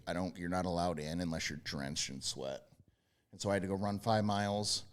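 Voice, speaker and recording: A young man, a former quarterback and podcast guest, telling brash, profane stories in casual chat and breaking into yelled impressions. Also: low-pitched.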